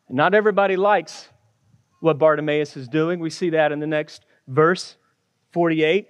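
Earnest guy preaching a sermon, high voice, takes his time. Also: measured pace, a bit bright, clean tone, no echo. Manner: earnest, storytelling with acted quotes. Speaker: pastor.

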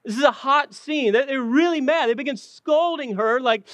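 A man preaching a sermon with passion, often dropping low and slowing down to stress his words. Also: expressive, a bit bright, no room sound. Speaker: pastor.

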